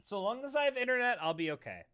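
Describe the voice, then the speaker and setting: Man, high pitch, animated, bright tone, casual chat, dramatic read-aloud. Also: quick pace. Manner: lively, breaks into loud theatrical readings. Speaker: co-host reading a webcomic aloud.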